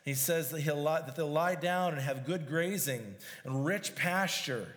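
A man's voice: a little high, a little slow, fairly bright tone. A man preaching a sermon, reading scripture aloud and explaining it verse by verse with emphasis. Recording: long hall reverb.

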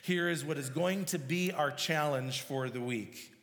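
Guy preaching in a big echoey church, kinda high voice, leans hard on the scripture bits. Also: unhurried, creaky, fairly bright tone. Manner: expository, emphatic, reads and explains scripture verse by verse. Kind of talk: sermon. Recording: long hall reverb.

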